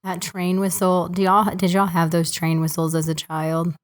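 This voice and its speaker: A woman co-hosting a podcast, hoarse from a cold, chatting casually. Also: on the low side, completely flat delivery, normal speed. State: hoarse from being sick. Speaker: podcast co-host. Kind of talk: casual chat.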